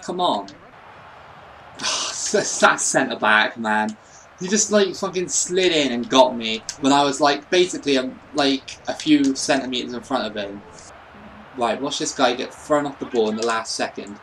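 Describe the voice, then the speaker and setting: A man's voice: medium pitch, expressive, measured pace, fairly bright tone, a little hiss or hum, low-quality recording. A young man giving casual commentary on a football video game, swearing and ranting at the computer opponent. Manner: frustrated, swears, rants at the game. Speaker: gaming YouTuber.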